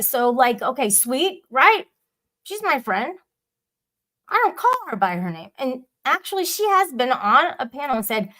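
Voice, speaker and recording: A woman's voice: on the high side, fairly bright tone. A woman hosting a live audio chat room, rambling and blunt, swearing casually as she addresses listeners.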